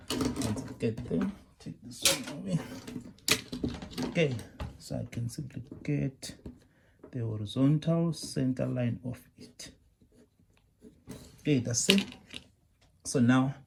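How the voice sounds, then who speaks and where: A man's voice: medium pitch, takes it slowly, vocal fry, pauses often, noisy background. A man with a South African accent teaching technical drawing step by step. He repeats phrases, keeps asking whether students understand, and scolds common mistakes. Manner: repeats phrases, asks "you understand?" often. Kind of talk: classroom demonstration lesson.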